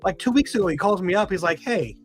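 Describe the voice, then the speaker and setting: A man's voice: high voice, animated, quick pace, faint music behind. A man hosting a casual podcast chat, telling rambling self-mocking stories full of fillers. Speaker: podcast host.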